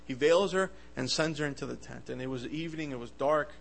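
A man's voice: medium pitch, fairly quick, gravelly, a little hiss or hum, low-quality recording. Impassioned stammering male preacher. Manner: impassioned, swings loud and soft, stammering restarts. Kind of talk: sermon.

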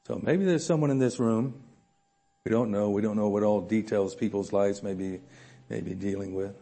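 A man preaching a sermon in a church room, animated, swinging between loud emphasis and soft asides with frequent chuckles. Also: on the low side, normal speed, creaky.

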